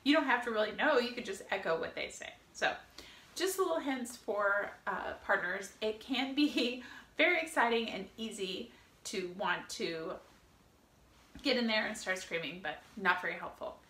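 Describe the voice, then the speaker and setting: A woman birth educator giving a friendly, lively video lesson on labor, with fillers and small laughs. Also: medium pitch, moderate pace, roomy sound.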